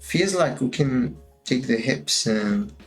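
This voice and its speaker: A man's voice: medium pitch, expressive, slow, faint music behind. A man casually thinking aloud as he walks through his animation work on a stream, musing and drifting a little, with a touch of self-amusement.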